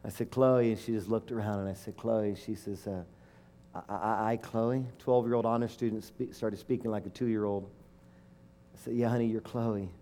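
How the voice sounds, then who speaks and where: A man's voice: lowish voice, fairly even intonation, brisk, dark tone. A middle-aged man preaching a sermon and telling a personal story, emotional and emphatic, rising to fervent declarations.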